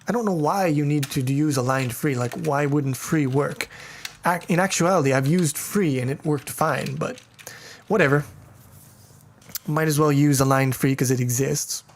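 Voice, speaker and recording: A man's voice: fairly high pitch, unhurried, long pauses, slight background noise. A man giving a casual programming tutorial, explaining step by step with irreverent jokes and profane asides. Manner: thinks aloud with fillers and restarts. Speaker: programming teacher.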